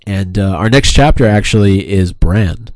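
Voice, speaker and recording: A man with a low voice co-hosting a podcast, relaxed and easygoing as he reads listener messages aloud. The sound is dry and close, with no room echo. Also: normal speed. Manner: laid-back, reads listener tweets aloud. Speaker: podcast co-host. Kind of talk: casual podcast chat.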